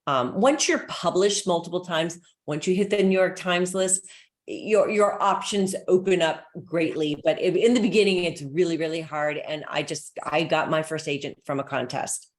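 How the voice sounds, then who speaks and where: A woman's voice: on the low side, fairly even intonation, moderate pace. A middle-aged woman novelist on a panel, steadily recounting her start with a few fillers. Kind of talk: panel discussion.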